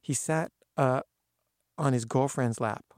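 A man telling a personal anecdote in a halting way, with many fillers and restarts. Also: mid-range voice, a little mellow, dry recording, studio quality. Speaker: storyteller. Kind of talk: personal anecdote told to camera.

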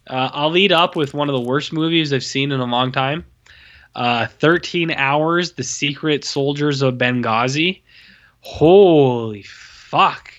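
A man co-hosting a podcast, casually reviewing a film with a lot of swearing and flat mocking quotes of its dialogue. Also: mid-range voice, unhurried, muffled recording. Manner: profane, exasperated, mocks lines in flat voices. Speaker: podcast co-host. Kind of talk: casual movie review chat.

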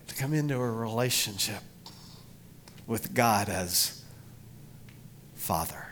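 A middle-aged man preaching a sermon to his congregation, emphatic, rising loud for emphasis and then dropping low. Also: animated, takes it slowly, pauses often. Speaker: pastor.

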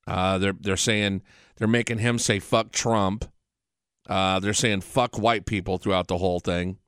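A man's voice: low voice, fairly even intonation, measured pace, fairly bright tone, smooth, no echo, clean studio sound. A man hosting a podcast in a casual, blunt and profane way, rambling and restarting his sentences. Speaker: podcast host. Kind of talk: casual chat.

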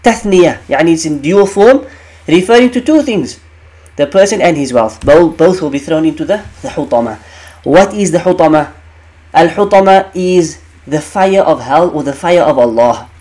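A man's voice: fairly high pitch, lively intonation, normal speed, a little mellow. A man teaching the meaning of Quranic verses in an emphatic way, repeating key phrases and asking rhetorical questions.

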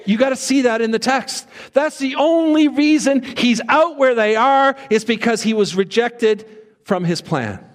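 A man preaching a sermon as pastor, animated and conversational, acting out quoted voices with humor. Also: very high voice, unhurried. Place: church sanctuary. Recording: reverberant church hall.

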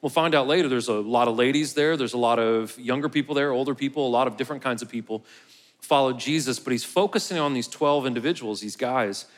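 This pastor speaks at medium pitch and moves fast through his sermon, addressing his own congregation in a casual way and slipping in jokes. The long reverb of the large church hall he's in can be heard.

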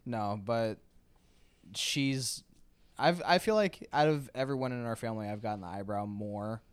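A man's voice: mid-range voice, normal speed, clean tone. A man in casual chat, blunt and profane, laughing often.

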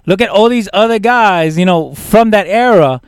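A man's voice: sits high, normal speed, clean tone, no echo, studio quality. A young man co-hosting a casual wrestling chat, ranting emphatically and repeating words. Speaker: podcast co-host.

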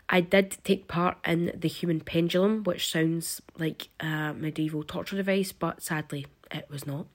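A Scottish woman hosting a podcast, her voice croaky from illness, reading a chatty, friendly script. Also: lowish voice, fairly even intonation, unhurried, fairly bright tone. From Scotland. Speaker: podcast host.

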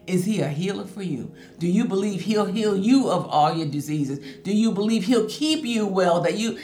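A woman with a lowish, darkish voice preaches emphatically, reading scripture and saying hallelujah often. The room is echoey, with faint music in the background.

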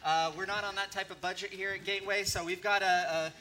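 A man's voice: high voice, flat delivery, brisk, sharp tone. A man hosting and refereeing a church contest with jokey, sports-announcer banter. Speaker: event host and referee. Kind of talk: playful emcee banter. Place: church stage. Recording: noisy live church event.

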